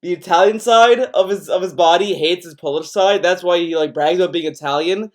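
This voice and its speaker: A man's voice: high-pitched, a little fast. A man from Greece, a streamer giving sarcastic, profane reaction commentary, often laughing.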